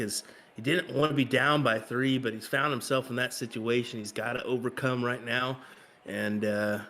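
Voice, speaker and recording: A man with a Kansas accent doing live darts commentary in an easygoing, steady way. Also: medium pitch. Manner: easygoing, steady, with filler words.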